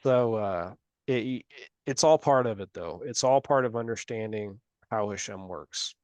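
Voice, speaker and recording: A man's voice: lowish voice, moderate pace, darkish tone, dry recording. A man leading a group religious study discussion, talking earnestly and carefully, often correcting his own wording.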